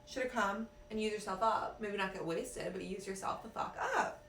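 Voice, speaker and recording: A woman's voice: medium pitch, moderate pace, fairly bright tone, a little hiss or hum. A woman life coach giving a live-streamed motivational talk, brash and profane, calling her listeners cuties. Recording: roomy, a little off-mic, faint ambience.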